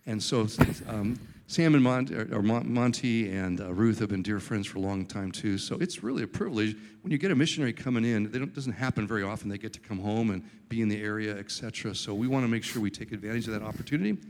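A pastor stands before his congregation in a church and introduces a visiting missionary. He talks informally, with fillers. His voice is fairly low for a man. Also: fast talker. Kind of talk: introducing a guest speaker.

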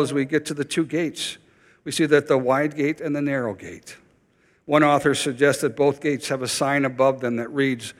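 A man's voice: mid-range voice, big-room sound. A man preaching a sermon as pastor, urgent and emphatic, repeating key phrases for weight.

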